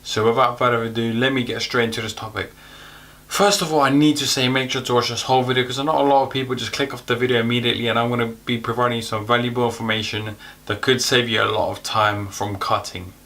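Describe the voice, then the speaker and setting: A young man giving casual fitness advice to the camera in an energetic, chatty way, a little out of breath. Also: medium pitch, quick pace. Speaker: fitness youtuber.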